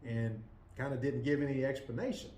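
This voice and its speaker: A man co-hosting a casual podcast, recounting a news story in a measured way and hedging with "kinda" and "basically". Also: medium pitch, steady tone, warm tone. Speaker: podcast co-host. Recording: echoey room with faint noise.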